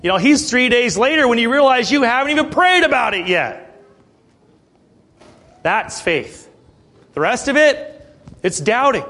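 A man in his late thirties delivers a sermon in a high, bright-edged voice that leaps up and drops low. He sounds earnest and conversational, breaking into asides and rhetorical questions. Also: very animated, unhurried, long pauses. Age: 30s. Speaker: preacher.

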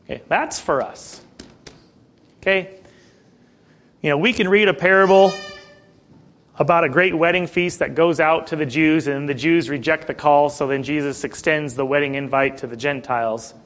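An American man leading a casual Bible study, reading scripture aloud and often checking in with his listeners while clearing his throat. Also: on the high side, normal speed, long pauses, fairly bright tone, slight background noise. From United States.

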